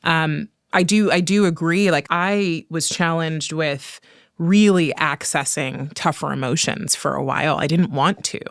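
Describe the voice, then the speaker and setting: A woman's voice: deep voice, measured pace, no room sound, clean studio sound. A woman hosting a podcast interview, agreeing readily and thinking aloud as she shares her own view. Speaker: podcast host. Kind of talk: conversational interview.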